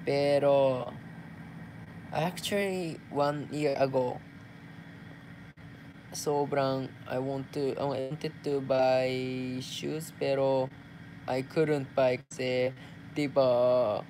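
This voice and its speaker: A Japanese man with a Japanese accent, casually reading fan messages aloud as a vlogger, playful and quick to laugh, mixing Tagalog fillers into his English. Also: mid-range voice, little pitch movement, a little mellow, a little hiss or hum.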